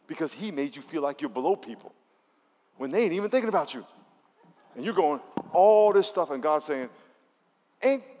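Preaching man in a big reverberant hall. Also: on the high side. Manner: emphatic, conversational preaching with call-and-response. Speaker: pastor. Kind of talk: sermon. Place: church service.

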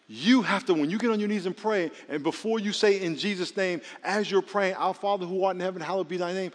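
His voice sits high, and a long reverb tail follows it as this pastor preaches. He jokes, stays lively, and calls out questions to his congregation.

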